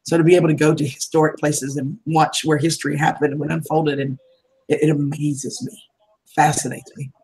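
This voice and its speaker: A woman hosts a livestream, chatting casually and laughing often as her voice begins to tire. Her low, husky voice has a flat, brisk delivery and a darkish tone, and the recording quality is low.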